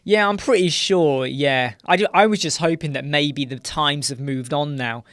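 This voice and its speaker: He's a British man from the UK, running a casual live chat stream and rambling along with filler words, frequently finishing a point with "right?". The voice is a little high and a bit bright with a clean tone, at normal speed. The clean studio sound carries no echo, though he's in a small dark room with sound panels.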